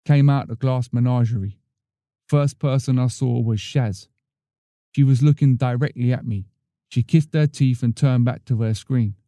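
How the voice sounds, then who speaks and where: A man's voice: medium pitch, normal speed, mellow, dry recording, clean studio sound. A man reading his own first-person story in a wry, plain-spoken way. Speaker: storyteller, podcast host.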